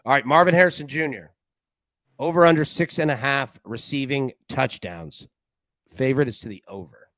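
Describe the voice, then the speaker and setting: A man hosting a sports-betting show in casual chat, talking in quick restarts and repeated false starts. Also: medium pitch, dry recording, studio quality. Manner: animated, talks in restarts and repeated "I, I".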